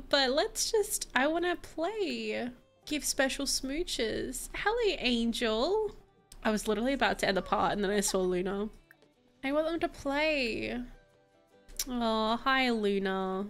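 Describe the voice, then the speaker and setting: A young woman, chatting over a life-sim game in a bubbly, gushing way, dropping to soft murmurs and rising to excited squeals. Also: a little high, slow. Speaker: gaming YouTuber. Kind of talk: casual gameplay commentary. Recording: faint music bed.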